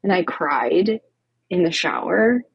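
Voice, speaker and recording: Speaking slowly in a fairly low, creaky, husky voice, a cancer coach appears as a podcast guest and tells her story openly. She animatedly performs the dialogue, filling it with frequent "like"s. There's no echo, and the highs are cut off.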